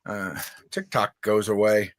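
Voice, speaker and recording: A man's voice: fairly low pitch, level tone, measured pace, dry recording. Hesitant man full of uhs. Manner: hesitant, lots of uh and um. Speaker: guest on stream. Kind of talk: casual chat.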